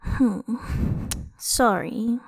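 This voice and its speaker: A woman's voice: sits high, very animated, unhurried, a bit bright, voice pushed up, full character voice. A woman voicing a sweet tipsy flower fairy. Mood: soft coaxing.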